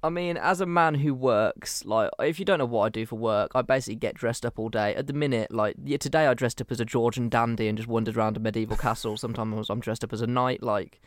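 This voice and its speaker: A young man talks quickly and eagerly in a relaxed podcast chat, swearing now and then. His pitch is average. The recording is dry and close. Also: no room sound. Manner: chatty, swears casually. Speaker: podcast co-host. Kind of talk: casual chat.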